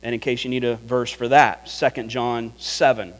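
A man preaching a sermon as pastor, deliberate and emphatic, building his points through repeated phrases. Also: medium pitch, level tone. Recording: long hall reverb.

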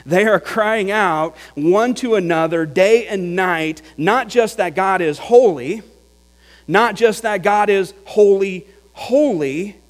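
A man preaching a sermon, teaching in an explanatory way, with examples and repetition for emphasis. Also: high-pitched. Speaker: pastor. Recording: hall reverb with mains hum.

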